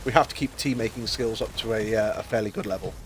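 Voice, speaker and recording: A man's voice: lowish voice, fast, slight background noise. A British man streaming a game, telling stories in casual chat and acting out the voices of people he quotes. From Britain. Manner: chatty storyteller, acts out quoted voices with laughs. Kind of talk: casual chat while gaming.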